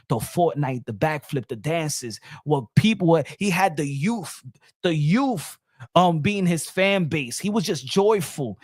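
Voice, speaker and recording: Rowdy high-voiced man hyping a stream. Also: no room sound, clean studio sound. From Dominican Republic family roots. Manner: rowdy, laughing, shouting, trash-talking. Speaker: boxing channel host. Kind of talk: excited live commentary.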